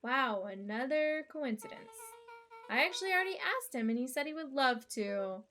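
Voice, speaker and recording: A woman's voice: high voice, big pitch swings, fairly bright tone, faint music behind. A woman playing a bossy, scheming girl. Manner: brisk, bossy, conspiratorial. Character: pushy scheming twelve-year-old girl.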